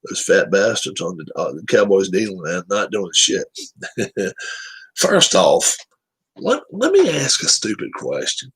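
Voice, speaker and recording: A man's voice: sits low, huge pitch swings, measured pace, fairly bright tone, slightly rough. A man hosting casual sports chat, giving blunt, profane, opinionated takes on football teams.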